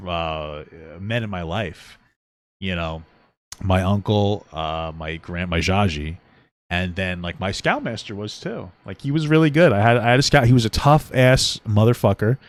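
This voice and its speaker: A man's voice: fairly low pitch, no room sound. A man co-hosting a podcast, talking casually and in a rambling, reflective way about something that moved him. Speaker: podcast co-host. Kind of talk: casual chat.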